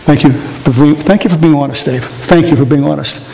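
A man preaching a sermon in a church, telling stories and mimicking other voices in an animated way. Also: on the high side, brisk, gravelly. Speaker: pastor. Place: church sanctuary. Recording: reverberant hall with faint hiss.

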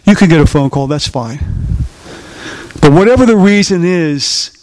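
A middle-aged man preaching from the pulpit in a notably high voice. He drives each point home by hammering lines again and again. He keeps throwing questions out to the congregation. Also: expressive, moderate pace, darkish tone. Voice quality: emphatic, asks the congregation questions and repeats key lines. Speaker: pastor. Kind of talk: sermon.

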